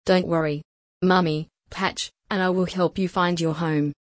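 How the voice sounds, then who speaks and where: A woman voicing a sweet, curious three-year-old girl in a storybook, speaking softly and gently. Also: lowish voice, steady tone, measured pace, no echo, studio quality, natural voice. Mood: gentle wonder. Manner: soft, gentle and wondering. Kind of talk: storybook character voice.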